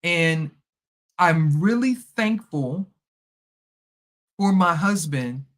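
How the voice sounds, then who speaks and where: A middle-aged woman talks through a personal story in a relaxed, chatty monologue. She is animated and keeps slipping into the voices of the people in her story. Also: on the low side, drawn-out words. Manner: animated, acts out past conversations. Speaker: podcast host.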